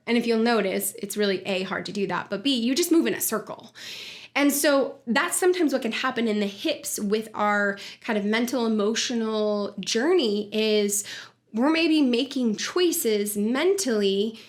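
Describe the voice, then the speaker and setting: A woman's voice: fairly high pitch, normal speed. A woman hosting a wellness podcast, explaining in an earnest, conversational way with fillers and restarts. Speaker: podcast host and wellness coach. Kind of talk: casual explanatory monologue.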